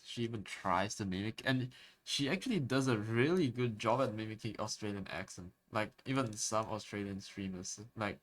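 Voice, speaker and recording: A man's voice: lowish voice, a bit bright. Easygoing male art streamer. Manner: easygoing, reacting to viewer comments. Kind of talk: casual chat with viewers.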